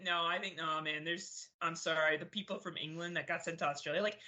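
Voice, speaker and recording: A woman's voice: low-pitched, steady tone, fairly quick, pushed and bright, slight background noise. A woman from Canada co-hosting a podcast, chatting casually with lots of laughing, swearing and rambling banter. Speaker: podcast co-host. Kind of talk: casual chat.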